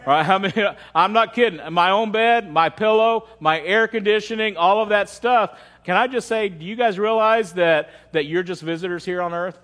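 A man's voice: high-pitched, moderate pace, few pauses, a bit bright. A pastor preaching a conversational sermon at a church service, often asking the audience questions and repeating words as he starts his sentences.

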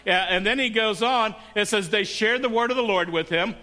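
A man's voice: high-pitched, moderate pace, bright, forceful tone. A male pastor preaching a sermon in a conversational way, often asking the congregation questions.

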